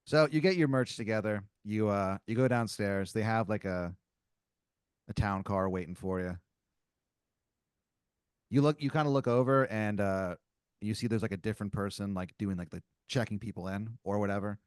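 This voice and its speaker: A man's voice: lowish voice, normal speed, clear, resonant tone, dry recording, clean studio sound. A man hosting a comedy podcast who improvises a second-person story, rambling through many fillers. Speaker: podcast host telling an improvised scenario.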